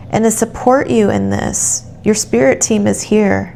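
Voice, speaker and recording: Woman tarot reader, unhurried and reassuring, with a gravelly edge to her voice; soft hiss in the background. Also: medium pitch, big pitch swings. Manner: gentle, affirming, speaks directly to the listener. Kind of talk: soothing channeled tarot reading.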